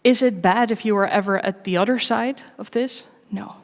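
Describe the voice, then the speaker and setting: Woman giving a conference talk, mid pitch, measured and pausing, candid with dry jokes about herself, big hall echo hanging on it. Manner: candid and personal, with wry self-mocking asides; measured, pausing between short phrases. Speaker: conference speaker. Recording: long reverb of a big hall.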